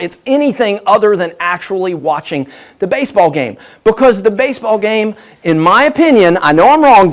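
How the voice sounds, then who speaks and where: Man, guest speaker, self-deprecating storyteller, slightly high, very animated delivery. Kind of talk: humorous business talk to an audience.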